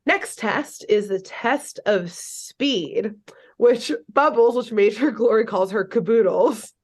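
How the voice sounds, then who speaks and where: A woman co-hosting a podcast, recapping a cartoon episode in animated, casual storytelling with plenty of swearing. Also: a little high, takes it slowly. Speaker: podcast co-host.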